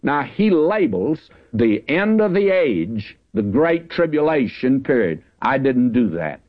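A man gives a radio Bible sermon in a folksy, conversational way, leaning on key words and slowing down as he reads out verses. His voice sits at an ordinary middle pitch. The broadcast sounds dull and lo-fi. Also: big pitch swings. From Southern California. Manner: folksy, conversational, slows to stress scripture. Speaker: Bible teacher.

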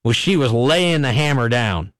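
A man's voice: medium pitch, expressive, moderate pace, a bit bright, dry recording. Man, radio talk host, rambling, wry, dry close studio mic. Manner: rambling, wry, chuckling at his own jokes. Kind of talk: casual talk radio commentary. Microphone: studio microphone.

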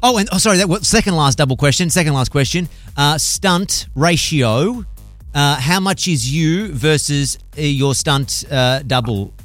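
A man's voice: on the high side, expressive, a bit bright, no room sound, soft background music. An Australian man hosting his own show, chatty and joking with a guest in casual interview talk. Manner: chatty, joking, quick to laugh. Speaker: show host.

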